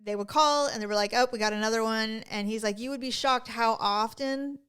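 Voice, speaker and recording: A woman co-hosting a podcast in casual chat, telling animated stories and acting out the people she quotes. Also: fairly high pitch, fairly quick, clear, resonant tone. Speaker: podcast co-host.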